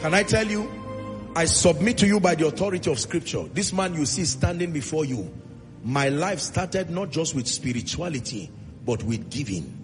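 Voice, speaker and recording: A man's voice: a little high, expressive, normal speed, long reverb tail, over music. A Nigerian man preaching a sermon as pastor, emphatic and hammering repeated refrains.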